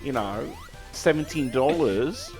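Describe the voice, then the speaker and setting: A man co-hosting a comedic let's-play, cracking dry, deadpan jokes. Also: medium pitch, takes it slowly, faint music behind. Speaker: co-host of a let's-play show. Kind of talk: comedic game commentary.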